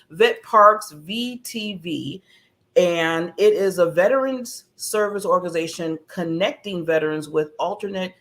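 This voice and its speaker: Female co-host, casual chat, animated storyteller, laughs easily. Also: low voice, vocal fry. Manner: animated storytelling, acts out quotes, laughs often.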